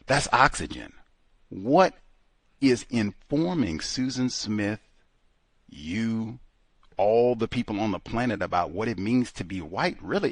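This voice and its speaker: A man hosting a talk show, interrupting his guest and pressing his questions with slow, emphatic delivery. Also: lowish voice, no echo, studio quality. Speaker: radio show host.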